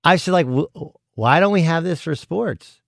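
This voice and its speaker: A man's voice: on the high side, expressive, normal speed, vocal fry, no echo, clean studio sound. A middle-aged man co-hosting a sports radio show, chatting casually and rambling with many restarts. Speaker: guest co-host, college basketball analyst.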